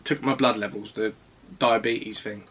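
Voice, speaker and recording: A man's voice: on the low side, steady tone, normal speed, a bit bright, husky. Young man telling a story. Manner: rambling, conversational, self-deprecating. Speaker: fitness vlogger. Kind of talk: casual storytelling to camera.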